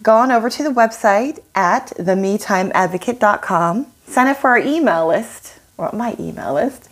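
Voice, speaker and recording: Encouraging woman podcast host. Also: medium pitch. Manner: encouraging, chatty, acts out quoted voices. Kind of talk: motivational self-help podcast.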